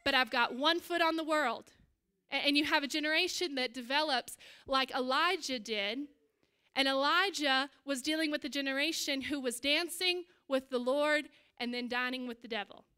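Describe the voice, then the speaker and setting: Woman pastor, middle-aged, high pitch, bright tone, lively storytelling sermon. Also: normal speed. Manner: animated storytelling preacher. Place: church stage.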